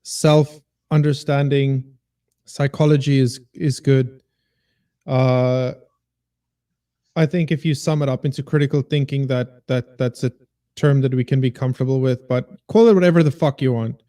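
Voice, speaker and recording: A man's voice: mid-range voice, fairly even intonation, normal speed, mellow. A man who teaches, a guest on a casual podcast, making his points with emphatic repetition and a preachy tone.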